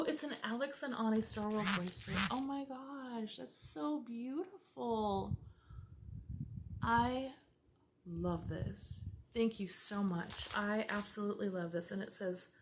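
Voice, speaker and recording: Female vlogger, gushing unboxing chat, unhurried, noisy room. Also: a little high. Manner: gushing, gasping and laughing often. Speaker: vlogger opening gifts.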